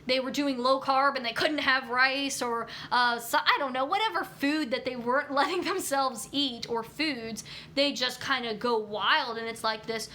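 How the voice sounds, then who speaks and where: A young woman talks through a casual live stream about nutrition, answering viewer comments as they come in. Her voice is bright and sits a bit high, and she fills her answers with ums and you-knows. A faint hum of room noise runs underneath. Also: moderate pace, few pauses. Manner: chatty, many fillers like um and you know.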